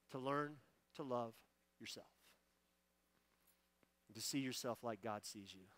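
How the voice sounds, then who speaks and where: A forties-aged pastor delivers a sermon that ends in prayer in a church sanctuary, his medium-pitched voice fairly bright. There is no room sound, and he speaks with fervent emotion, repeating key phrases for emphasis.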